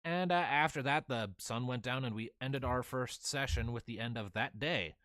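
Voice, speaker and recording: A man hosting a casual podcast, recapping a tabletop game he ran as game master, animated and often laughing. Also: medium pitch, moderate pace, dry recording, clean studio sound. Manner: animated storyteller, laughs often, many fillers.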